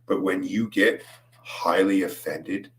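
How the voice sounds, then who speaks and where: Young male streamer, very low voice, stoned and rambling, recorded roomy and off-mic. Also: steady tone, slow pace, distant mic. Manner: rambling, laughing, swears a lot, says "dude". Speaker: livestreamer. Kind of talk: casual livestream chat.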